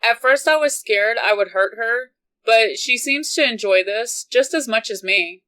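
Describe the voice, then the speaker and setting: A woman reading a romance novel aloud in an unhurried, even manner. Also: a little high, rough recording. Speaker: audiobook reader.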